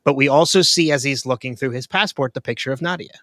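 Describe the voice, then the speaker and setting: A man's voice: mid-range voice, fast talker, sharp tone, dry recording. A man co-hosting a podcast, chatting casually and thinking aloud with frequent ums and restarts. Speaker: podcast co-host. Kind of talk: casual chat.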